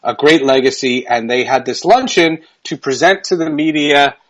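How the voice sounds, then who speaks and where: A man's voice: a little high, normal speed, fairly bright tone. A man who works as a sportscaster, telling a story as a guest in a casual podcast interview, chatty and laughing between phrases.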